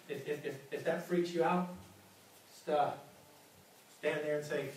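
A man's voice: a little high, steady tone, a little slow, pauses often, dark tone, slight background noise. A man preaching a sermon as pastor, earnest and often repeating his words. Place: large church hall. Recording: very echoey hall, mic from far.

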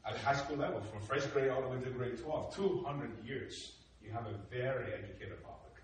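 A man from Africa telling his life story as a talk, animated and acting out the dialogue. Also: moderate pace, slight background noise. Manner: animated, acts out dialogue with rising emphatic pitch. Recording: echoey hall from a distant mic.

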